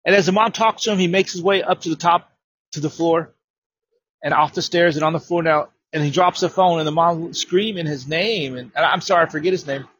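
A man preaching a sermon, telling a story with many repeated words and building to loud, emphatic declarations. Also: fairly high pitch, a little fast, lo-fi sound, a little hiss or hum.

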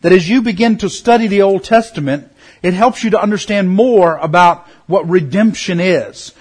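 A middle-aged man teaching a Bible study in an earnest way, slowing down to stress key words. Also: sits high, darkish tone, breathy edge.

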